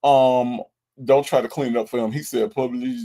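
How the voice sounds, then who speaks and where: A man's voice: medium pitch, normal speed. A man hosting a casual reaction show, commenting on a clip and reading viewer comments in an exasperated, profane way. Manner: animated, exasperated, profane, addresses viewers as y'all.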